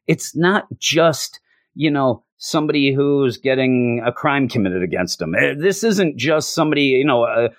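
A man giving an animated, emotional recap of a show, with frequent restarts. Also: mid-range voice, moderate pace, no echo, studio quality. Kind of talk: casual episode recap.

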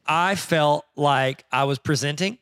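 A man's voice: fairly high pitch, unhurried, a bit bright, clear, resonant tone, no room sound, studio quality. A man co-hosting a podcast in casual chat, joking and teasing his partner and laughing often. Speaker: podcast co-host.

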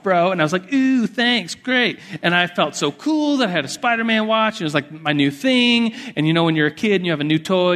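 Young male pastor, high voice, animated storyteller with many restarts; long hall reverb. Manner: animated, acts out childhood voices, restarts often. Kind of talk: sermon with storytelling.

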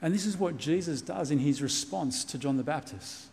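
Pastor guy giving a sermon, kinda high voice, earnest and reassuring, long echo in the church. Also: moderate pace, gravelly, a little mellow. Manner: earnest, reassuring preaching with emphatic repetition.

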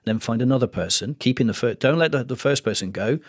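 Man, photographer guest, theatrical storyteller, husky tone. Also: mid-range voice, fast talker, dry recording, studio quality. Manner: dramatic, animated storyteller. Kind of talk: podcast interview storytelling.

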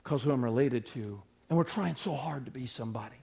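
A man preaching a sermon as pastor, swinging between loud emphatic bursts and quiet low passages. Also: quick pace, creaky.

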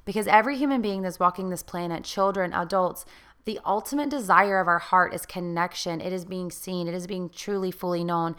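A woman's voice: lowish voice, a little fast, a bit bright, smooth. A woman hosting a talk on healing after divorce, speaking in an earnest, coaxing way and asking many questions. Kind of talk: encouraging self-help talk.

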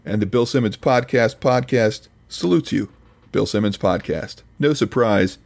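A man's voice: lowish voice, unhurried, gravelly, darkish tone. A man hosting a podcast, reading scripted commentary in a dry, mock-serious, pedantic manner. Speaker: podcast host reviewing another podcast.

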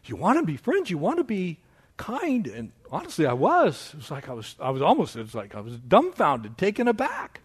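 A man preaching a sermon as pastor of his church, with animated delivery that mocks objections in a raised voice. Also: fairly quick, breathy edge. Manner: animated preaching, mocking quoted objections in a higher voice.

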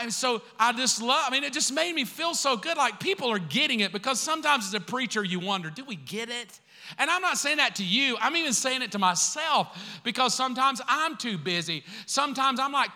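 A man's voice: extremely high pitch, lively intonation, a little fast, bright, forceful tone. A man preaching a sermon as pastor, conversational and acting out the voices he quotes. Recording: long hall reverb.

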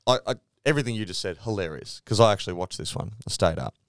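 A man co-hosting a casual sports podcast, telling stories with lively mimicry of team radio. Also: fairly low pitch, fast talker, dry recording, clean studio sound. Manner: animated storytelling, mimics radio chatter. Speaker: podcast co-host.

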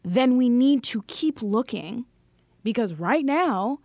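A woman's voice: fairly high pitch, animated, takes it slowly, darkish tone, no room sound, studio quality. A woman co-hosting a podcast in casual chat, emphatic and blunt, laughing often. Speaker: podcast co-host.

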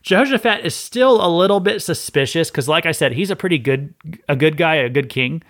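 A man hosting a Bible teaching podcast, reading passages and retelling the stories in a lively, conversational way, often restarting his words. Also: a little high, brisk. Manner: animated storytelling, acts out scenes, repeats words when he starts a phrase.

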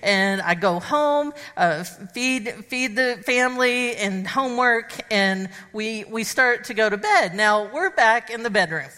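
A woman speaker telling a funny personal story to an audience of women, animated and acting out the dialogue. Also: a little high, measured pace, few pauses. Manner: animated, acts out dialogue and sound effects. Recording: long hall reverb.

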